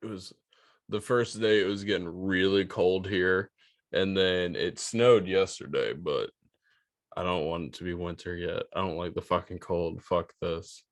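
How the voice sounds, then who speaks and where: Low-voiced man, slow, laid-back, rambling, laughs and swears. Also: fairly even intonation, no room sound, studio quality. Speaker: podcast co-host. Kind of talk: casual storytelling chat.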